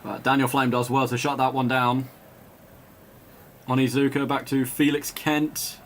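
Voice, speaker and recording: A man doing live play-by-play commentary, calling player names in quick bursts, chatting and laughing with viewers, and rising to shouts when a goal goes in. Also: mid-range voice, flat delivery, slight background noise. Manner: chats and laughs with viewers between calls. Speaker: match commentator.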